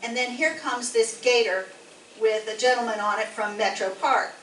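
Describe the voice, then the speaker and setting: A woman's voice: on the high side, moderate pace, a bit bright. A woman in her sixties from southwest Ohio, rambling through a story for a meeting crowd in a chatty way. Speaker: meeting attendee telling a story. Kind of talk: casual anecdote to a group. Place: meeting hall. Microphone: distant room mic. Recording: echoey hall, distant mic, faint noise.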